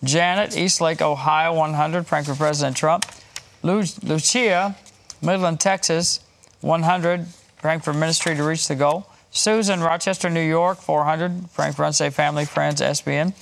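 A man's voice: on the high side, steady tone, moderate pace, vocal fry, slight background noise. A man hosting a Christian broadcast, reading donors' names, places and prayer requests with light chuckles. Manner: warm, chuckling, reads names and places in a list. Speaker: host reading donations.

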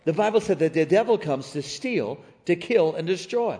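A middle-aged man from Missouri preaching a sermon, telling a story with animated energy and calling out to the congregation. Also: high-pitched, normal speed. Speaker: pastor. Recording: reverberant church hall.

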